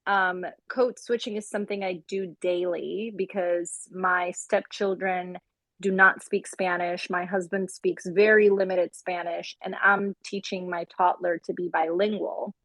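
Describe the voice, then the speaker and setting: A woman's voice: fairly low pitch, little pitch movement, unhurried, no room sound. Heartfelt woman from Puerto Rico, dry sound. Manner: warm, heartfelt thanks. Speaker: life coach, guest. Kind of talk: casual chat. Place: audio chat room.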